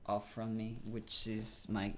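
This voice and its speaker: A man with a Mexican accent, a Spanish speaker talking as an actor guest in a casual interview, halting and restarting as he searches for English words. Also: fairly low pitch, completely flat delivery, bright, forceful tone, slight background noise.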